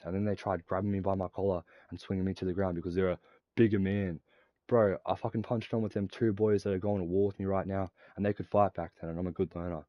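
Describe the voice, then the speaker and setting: A man's voice: deep voice, level tone, quick pace, dry recording, muffled recording. A young man with an Australian accent, ranting profanely and rambling while he plays a game. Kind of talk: casual rant while gaming.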